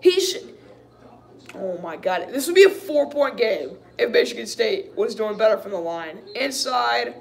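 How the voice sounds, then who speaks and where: A man's voice: high-pitched, normal speed, gravelly, few pauses. A man giving a live play-by-play reaction as a frustrated fan, calling plays, venting and saying "dude" often. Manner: excitable, frustrated partisan fan who keeps saying "dude".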